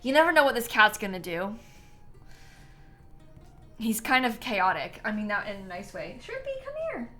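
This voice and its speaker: A woman's voice: medium pitch, animated, moderate pace, pauses often, sharp tone, faint music behind. A young woman streamer chatting casually while playing a game, tired and yawning, with lots of ums and likes and frequent laughs. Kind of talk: casual live-stream gameplay chat.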